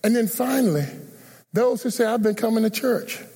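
Speaking at a normal speed, a pastor whose voice is high, mellow and a bit husky gives an earnest altar call. He invites people again and again to come forward, and a long echo fills the church sanctuary around him.

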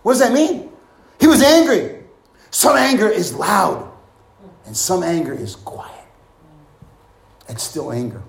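Animated male preacher, high lively voice, echoey room, lots of exclamations and questions. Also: a little slow, creaky, long pauses. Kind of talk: sermon.

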